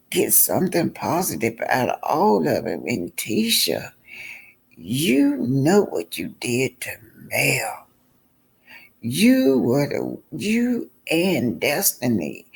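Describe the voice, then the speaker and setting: A man's voice: medium pitch, vocal fry, husky. A man giving casual vlog commentary on a reality show, talking straight to his viewers and repeating points for emphasis.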